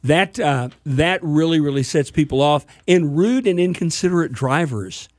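A man co-hosts a weekend radio talk show in easy banter. His voice sits a little high. The studio sound is dry and close. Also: animated, moderate pace, no room sound. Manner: reads phone numbers and web address, easygoing. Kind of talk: casual radio chat.

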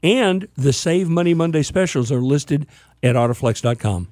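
A man co-hosts a weekend radio talk show in easy banter. His voice sits a little high. The studio sound is dry and close. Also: expressive, normal speed, a little mellow, no echo. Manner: reads phone numbers and web address, easygoing. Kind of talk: casual radio chat.

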